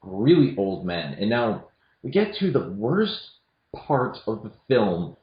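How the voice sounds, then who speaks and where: Animated low-voiced man in an echoey room. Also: measured pace. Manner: animated, blunt opinions with many restarts. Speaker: co-host. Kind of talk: casual film review chat. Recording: dull lo-fi sound in a roomy echo.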